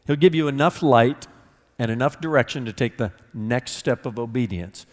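A man's voice: mid-range voice, moderate pace, long reverb tail. A man preaching a sermon as a pastor, conversational and earnest, acting out dialogue from scripture.

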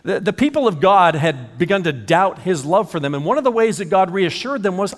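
Animated preaching man in a reverberant hall. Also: sits high, normal speed, hardly any pauses. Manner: animated preaching with chuckles and rhetorical questions. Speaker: pastor. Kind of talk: sermon.

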